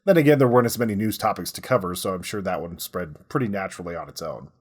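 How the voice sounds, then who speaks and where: A man with a husky, fairly low voice talks through history on a casual podcast. He explains at an easy pace and keeps dropping "like" as filler. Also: fast talker. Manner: relaxed, says "like" a lot while explaining. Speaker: podcast co-host.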